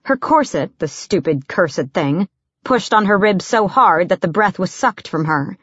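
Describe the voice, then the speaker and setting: A woman narrating an audiobook in a steady, even reading voice. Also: on the low side, a little slow, husky, dry recording, lo-fi sound.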